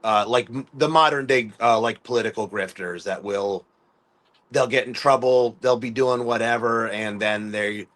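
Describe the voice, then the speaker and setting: In casual conversational storytelling, a musician guest from the US East Coast speaks at normal speed in a mid-range, fairly bright voice. He rambles, restarts and fills a lot, and acts out the voices of people he quotes.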